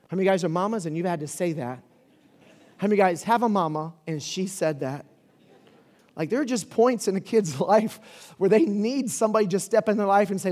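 A male pastor with a high-pitched voice delivers a sermon in a loose, conversational way. He talks to the crowd directly and climbs into loud, fiery shouts. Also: fairly quick. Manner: animated, conversational preaching with rising shouts.

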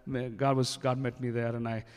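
A man's voice: medium pitch, flat delivery, moderate pace. Emphatic male pastor in echoey hall. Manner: emphatic, acts out quoted dialogue. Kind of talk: sermon with testimony. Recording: echoey hall with long reverb.

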